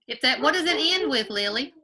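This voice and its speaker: A woman's voice: high-pitched, expressive, a little fast, pushed and bright. A woman teaching a grade-school class over a video call from home, patiently quizzing pupils by name and repeating her questions.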